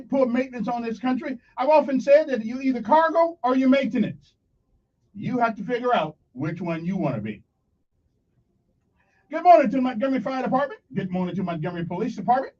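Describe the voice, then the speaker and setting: A man hosting morning radio, animated and jokey, talking straight to his listeners. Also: extremely high pitch, brisk. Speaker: radio show host. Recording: dull lo-fi radio sound, slightly distant.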